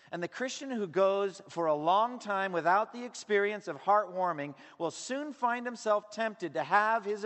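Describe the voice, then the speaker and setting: A man preaching a sermon as pastor, earnest and emphatic, sometimes loud and sometimes dropping low. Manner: earnest, emphatic preaching with a wide range of loudness. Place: church sanctuary. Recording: long hall reverb.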